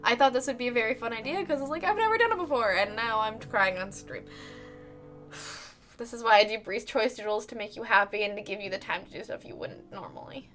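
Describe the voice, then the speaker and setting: A woman artist chats casually with her live-stream viewers, effusive and giggly and laughing often. Her voice is a little high, fast, and fairly bright, with faint music playing in the background.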